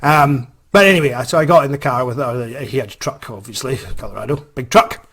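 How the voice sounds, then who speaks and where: A man's voice: mid-range voice, fairly quick, few pauses, a bit bright. A Scottish man, an author, tells a story in a rambling, self-mocking way, hesitating with many ums. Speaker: author, vlogger. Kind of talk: casual storytelling.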